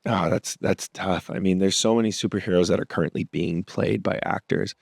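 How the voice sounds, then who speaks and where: A man's voice: deep voice, steady tone, a little fast, vocal fry, breathy edge, dry recording. A man talking as an actor guest in a casual interview, thinking his answers through aloud. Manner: thoughtful, works through ideas aloud.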